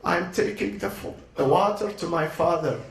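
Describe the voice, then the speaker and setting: A man voicing a grieving young girl, speaking quietly and resolutely. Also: high voice, normal speed, vocal fry, far from the mic, voice pushed down. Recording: roomy echo.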